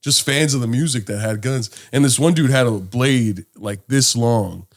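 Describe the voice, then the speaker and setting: A man co-hosting a casual podcast, telling stories with lively acted-out quotes and plenty of swearing. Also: mid-range voice, moderate pace. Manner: animated storyteller, acts out quotes, swears freely. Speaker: podcast co-host. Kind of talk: casual chat.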